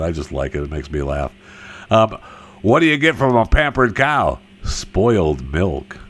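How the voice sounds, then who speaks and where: A man telling a string of corny cow jokes in a slow delivery and laughing at his own punchlines. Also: on the low side, a bit bright. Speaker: joke teller.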